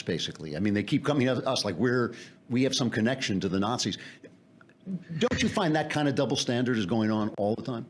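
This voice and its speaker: A man hosting an interview show, chatting in a lively way and laughing often. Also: medium pitch, fairly quick, slightly rough. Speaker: host. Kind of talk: interview conversation.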